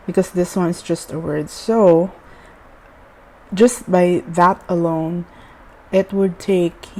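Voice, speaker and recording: Slow, mellow-voiced woman teaching at a board. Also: lowish voice, a little hiss or hum, poor audio. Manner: unhurried, hesitant, many fillers and restarts. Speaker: language teacher. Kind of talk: casual whiteboard lesson.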